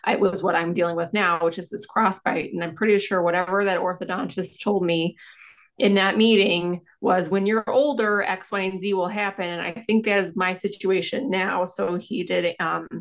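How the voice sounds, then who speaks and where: A woman's voice: lowish voice, steady tone, moderate pace. A woman in her thirties chatting casually as a podcast co-host, self-deprecating, with a slight lisp from dental aligners. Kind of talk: casual chat.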